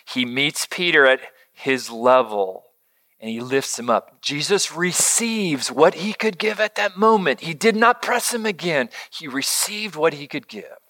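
A man preaching a sermon, earnest, swinging from emphatic lines to soft, hushed ones. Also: medium pitch, lively intonation, unhurried. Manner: earnest, shifts between loud emphasis and soft near-whisper. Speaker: pastor.

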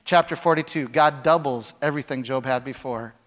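A man preaching a sermon, with dramatic swings between loud, acted-out lines and hushed, quiet passages. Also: mid-range voice, a little fast. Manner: dramatic, acts out voices with big swings from shouting to hushed. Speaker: pastor.

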